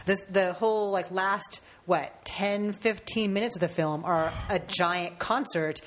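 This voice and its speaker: A woman co-hosting a film review podcast, calmly and articulately defending her view of a movie. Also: medium pitch, a little slow. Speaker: film critic co-host. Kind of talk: casual film review chat.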